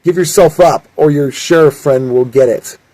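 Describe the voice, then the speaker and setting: A man's voice: fairly high pitch, normal speed, mellow, no room sound, pitched above the performer's own voice, close to an everyday voice, rough recording. A man voicing a menacing, threatening woman outlaw in a stilted read-aloud way.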